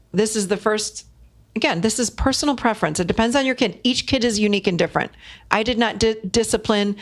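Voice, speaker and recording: A middle-aged woman hosting a podcast, giving casual advice and acting out short exchanges between parents and children. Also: mid-range voice. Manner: warm, emphatic, acts out parent and child voices. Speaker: podcast host and therapist.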